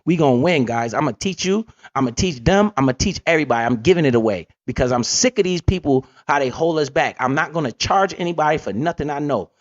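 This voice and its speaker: A man from Connecticut hosting a livestream, talking loudly in animated street slang and swearing often. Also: a little high, fast, few pauses. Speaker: livestream host. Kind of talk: casual livestream chat. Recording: lo-fi stream audio.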